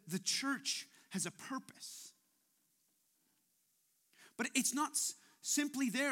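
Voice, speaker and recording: A man preaching a sermon as pastor, talking in an animated way and often repeating his words as he goes. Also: high voice.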